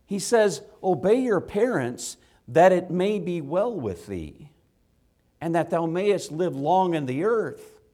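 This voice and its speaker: A man, a father, preaching a sermon to children, swinging from loud impassioned rises to quiet earnest asides. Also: high-pitched, very animated, takes it slowly. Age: adult with children. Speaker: pastor.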